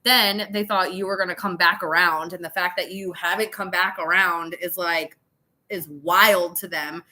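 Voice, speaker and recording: A woman's voice: fairly low pitch, steady tone, normal speed, pushed and bright. A tipsy woman giving a casual live tarot reading, chatty and laughing, with swearing and dramatic asides. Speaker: tarot reader.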